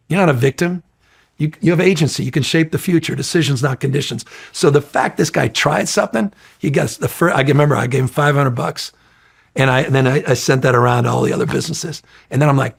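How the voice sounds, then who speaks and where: A middle-aged man talks in a gravelly, husky voice at an average pitch. He tells stories in a loose, profane, animated way and puts on loud voices for the people he quotes. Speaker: interview guest. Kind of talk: casual storytelling chat.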